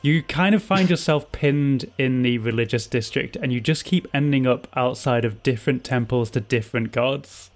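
A man narrating as game master of a tabletop role-play, playful and quick to laugh. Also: mid-range voice.

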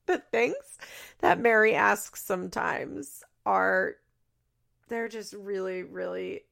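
Recapping a reality show on her podcast, a woman keeps things casual and chatty, laughing a lot and saying "like" constantly. She has a gravelly, mid-range voice that leans fairly bright.

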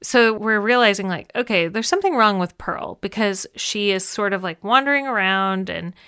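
A woman's voice: mid-range voice, expressive, normal speed, pushed and bright, clear, resonant tone. A woman co-hosting a podcast, chatting casually about a film with many fillers and frequent laughs. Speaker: podcast co-host.

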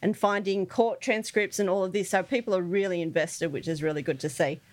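A woman's voice: fairly low pitch, fairly even intonation, a little mellow. Laughing woman true-crime co-host. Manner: laughs easily, with halting repeated words. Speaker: podcast co-host and crime researcher. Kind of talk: casual true-crime podcast chat.

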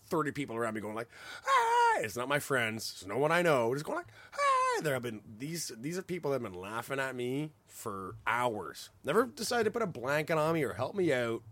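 A man chatting casually on a podcast, telling a story with animated delivery, swearing freely and laughing as he goes. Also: mid-range voice.

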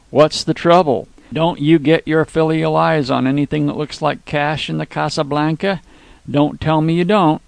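A man's voice: a little high, gravelly, dry recording. A man voicing a scheming, drunken American consul who blusters and threatens. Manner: blustering, angry.

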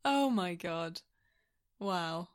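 A woman's voice: fairly low pitch, animated, drawn-out words. A woman from the UK co-hosting a casual film podcast, teasing her partner and laughing a lot. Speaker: podcast co-host. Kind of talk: casual chat, film ranking.

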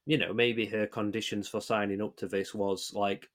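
This podcast co-host has a lowish voice with a level tone and talks at a moderate pace. His casual chat wanders through his analysis, full of hesitations and false starts.

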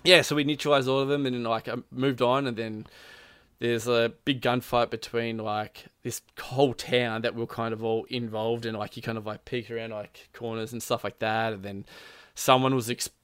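A man's voice: mid-range voice, little pitch movement, normal speed, a bit bright, clean tone, no room sound, clean studio sound. A man telling a gaming story in casual chat, rambling with lots of "like" and frequent laughs. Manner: rambling, says "like" constantly, laughs often, acts out quotes.

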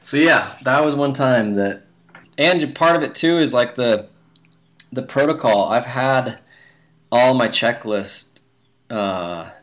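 A man's voice: medium pitch, takes it slowly, long pauses, a bit bright. A man telling a long story in a casual interview, rambling with plenty of fillers and restarts. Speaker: guest, big-mountain skier.

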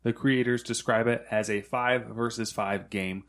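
A man's voice: medium pitch, steady tone, measured pace, fairly bright tone. A man co-hosting a casual gaming podcast, reading news items aloud and now and then stumbling over words.

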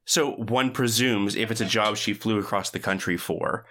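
A man's voice: lowish voice, moderate pace, fairly bright tone. A man in a casual movie discussion, joking and acting out scenes. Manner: jokey, plays out scenes. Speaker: podcast guest.

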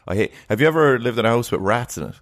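A man's voice: medium pitch, expressive, rapid-fire. A man co-hosting a podcast, chatting casually, teasing and skeptical. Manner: skeptical, teasing, laughs often. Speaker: podcast co-host. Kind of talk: casual chat.

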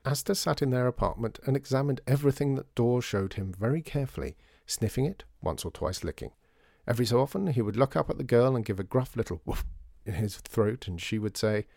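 Storybook reading, man, expressive and animated, very dry recording. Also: on the low side, gravelly, no echo. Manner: expressive, measured. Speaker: narrator.

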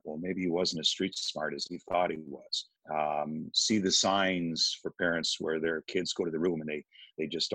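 Husky, deep-voiced earnest father. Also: level tone, fairly bright tone, no room sound, low-quality recording. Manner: earnest, pleading, pausing. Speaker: father, foundation founder, guest. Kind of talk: interview answers, personal story.

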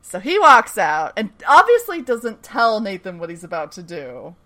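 A woman hosting a podcast, recapping a TV episode in casual chat. Her storytelling is animated, she swears freely, and she laughs often. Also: medium pitch, normal speed, crowd noise.

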